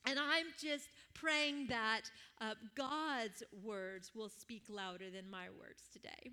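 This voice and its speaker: A woman's voice: on the high side, slow, few pauses, clear, resonant tone. A woman in her fifties preaching a sermon, telling a personal story from her childhood church and moving into prayer and teaching. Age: 50s. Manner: warm storytelling with laughs and prayer.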